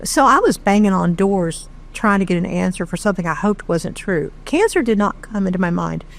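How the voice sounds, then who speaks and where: A middle-aged woman from Texas tells her own story as an interview guest, candid and animated, with a self-deprecating streak. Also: medium pitch, a little fast, creaky. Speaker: charity founder, interview guest. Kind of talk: conversational storytelling.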